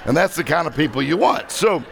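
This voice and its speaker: A middle-aged man preaching a lively conference sermon, joking and exhorting the crowd. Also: fairly high pitch, fairly quick, vocal fry, a little hiss or hum.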